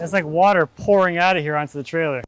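A fairly high-voiced man talks casually outdoors, explaining each step of his work in a chatty, joking way. A faint hum of noise sits behind him. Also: quick pace. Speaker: urban logger and video host. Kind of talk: casual narration while working. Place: outdoors on a lawn with a log trailer.

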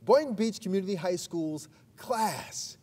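A school principal with a slightly raised pitch and a breathy, husky edge speaks to a graduating class. He tells his story with dry, deadpan timing. He then turns emphatic and proud as he addresses the graduates. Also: a little slow. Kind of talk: recorded graduation speech.

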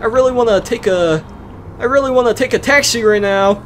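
A young gamer giving casual let's-play commentary, excitable and full of exclamations. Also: mid-range voice, brisk. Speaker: gaming commentator. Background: game music.

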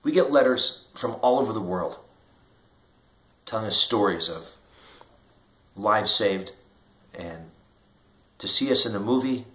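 Earnest deep-voiced Midwestern American man. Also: expressive, unhurried, long pauses, fairly bright tone. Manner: earnest storytelling, acts out quoted dialogue. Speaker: inventor and company founder. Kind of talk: direct-to-camera promotional talk. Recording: echoey room.

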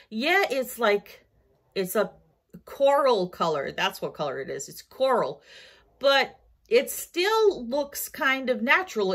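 A woman's voice: fairly high pitch, a bit bright. A tired woman with a New York accent, rambling through a casual shopping haul vlog with lots of fillers and self-corrections. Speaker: haul vlogger.

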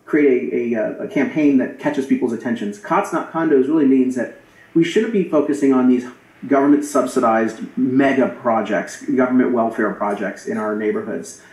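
A man's voice: mid-range voice, normal speed, darkish tone. A man delivering an emphatic, argumentative campaign address to voters, repeating key phrases for effect. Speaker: political campaigner. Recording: roomy echo.

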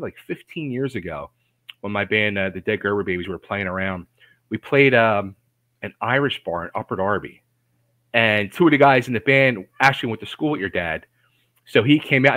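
A man, hosting a podcast and telling stories in a casual, animated way, acting out quotes and often restarting his sentences. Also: fairly low pitch, no room sound. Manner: animated storyteller, acts out quotes, frequent restarts. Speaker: podcast host. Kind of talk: casual storytelling chat.

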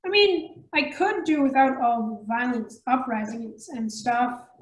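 A woman's voice: unhurried, roomy sound, close to an everyday voice, rough recording. A woman voicing a nervous, hesitant male cat leader who stammers with fillers. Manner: hesitant, full of fillers, high and bright.

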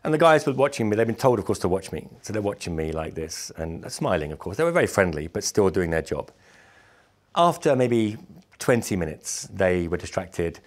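Low-voiced man telling stories. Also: moderate pace. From Britain. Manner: animated, acts out other people's lines; wry, amused asides. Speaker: musician recounting travels. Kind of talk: anecdotal storytelling to camera.

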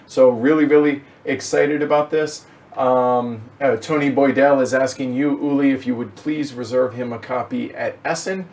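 A man's voice: medium pitch, steady tone, moderate pace, darkish tone, far from the mic. A man hosting a board game show, talking in an upbeat, chatty way with plenty of fillers. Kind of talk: casual chat.

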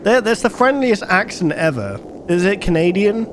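A man's voice: high voice, big pitch swings, normal speed, a bit bright, slight background noise. A man hosting a reaction video, chatting casually and joking along with what he watches. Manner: chatty, laughs and jokes along.

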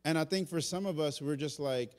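Pastor, male, preaching live; high-pitched voice with long church-hall reverb; animated, moving from loud to hushed. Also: a little fast. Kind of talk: sermon. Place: church sanctuary during a live service.

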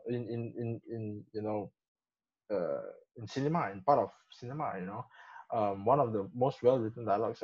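Halting man talking film, husky voice. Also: medium pitch. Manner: halting, repeats words, many "you know" fillers. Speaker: film discussion guest. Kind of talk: casual film discussion. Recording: dull lo-fi sound.

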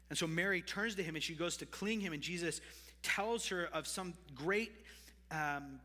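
Male pastor, mid pitch, bright and forceful, conversational sermon delivery with asides to the congregation, live in a reverberant church hall. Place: church sanctuary.

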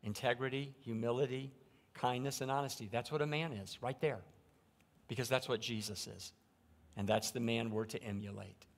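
A middle-aged man preaching a sermon from a church pulpit, shifting between quiet, reflective stretches and loud, emphatic preaching. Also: mid-range voice, fairly even intonation, moderate pace, vocal fry. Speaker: pastor. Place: church sanctuary.

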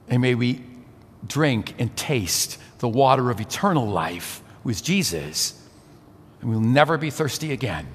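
A priest in his sixties preaches a sermon in a large church, his medium-pitched voice carrying a breathy edge. He fills it with rhetorical questions, and the church gives the recording a long reverb.

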